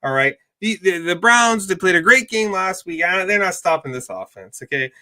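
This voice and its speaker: A man hosts a casual football betting breakdown, talking in a high voice that keeps stumbling into restarts and repeated words. His tone is bright and pointed, and he works himself up into heated rants over the calls. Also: sing-song, moderate pace. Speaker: sports betting show host.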